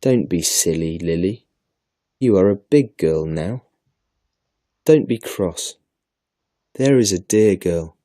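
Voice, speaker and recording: A man's voice: sits low, expressive, slow pace, pauses often, mellow, dry recording, clean studio sound. A man voicing a sulky, boastful young boy who talks down to his guest in a storybook reading. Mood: dismissive. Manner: dismissive, know-it-all.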